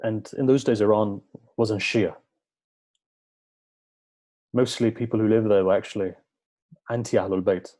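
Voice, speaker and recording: A man's voice: on the low side, steady tone, unhurried, pauses often, dark tone. A man giving a sermon, telling stories and acting out quoted dialogue, with earnest, repetitive emphasis. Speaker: speaker at a religious gathering. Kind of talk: sermon with storytelling.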